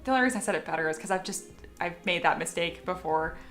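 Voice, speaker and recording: A woman's voice: on the low side, expressive, quick pace, fairly bright tone, reverberant, soft background music. A woman sculpting on a live stream, chatting casually with her viewers and reading their comments aloud, often poking fun at herself. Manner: chatty, self-deprecating, reads chat aloud.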